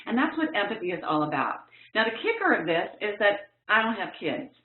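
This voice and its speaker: A woman trainer telling a personal story in a workshop talk, earnest and expressive with lively emphasis. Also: mid-range voice, a little fast. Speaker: professional development trainer. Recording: echoey, tinny phone-like line.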